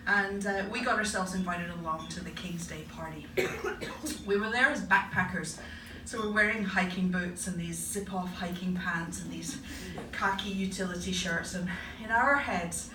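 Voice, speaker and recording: A woman's voice: fairly low pitch, normal speed. Wry woman doing stand-up, storytelling, echoey club, mic kinda far, noisy room. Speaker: stand-up comedian and academic. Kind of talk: stand-up comedy set. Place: comedy club stage before a live audience. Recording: echoey live venue, distant mic, noisy. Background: audience laughter and room ambience.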